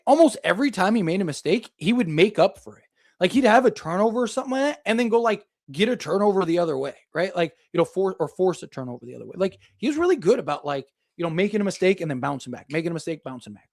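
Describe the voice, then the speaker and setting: A young man with a high, sing-song, darkish voice talks quickly while hosting a live basketball stream in a casual style. Reading super chats from viewers, this sports podcast host rambles and thinks aloud with lots of filler words.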